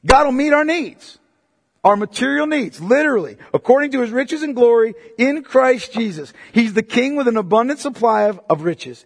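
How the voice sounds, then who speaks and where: A man preaching a sermon as pastor, emphatic and repetitive, swinging between loud and hushed delivery. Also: sits high, husky, big-room sound.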